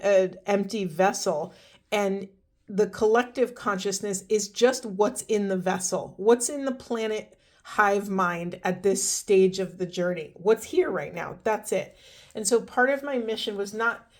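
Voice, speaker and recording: A woman in a middle-pitched voice gives a spiritual oracle card reading straight to her viewers. She speaks earnestly and from the heart, pausing now and then to restart her thoughts. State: teary-eyed.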